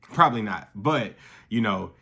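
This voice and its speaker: Guy rambling about his fitness grind, lowish voice, cussing loosely, laid back chat. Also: lively intonation, measured pace, vocal fry, sharp tone, husky. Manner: loose, rambling, swears freely. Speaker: fitness coach vlogger. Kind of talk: casual talk to camera.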